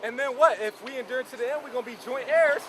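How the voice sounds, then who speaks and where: A man's voice: very high voice, fast. A man preaching outdoors on a street, commenting on scripture with emphatic, repetitive phrasing. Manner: emphatic, repeats "man" and "you know". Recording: outdoor street with crowd noise.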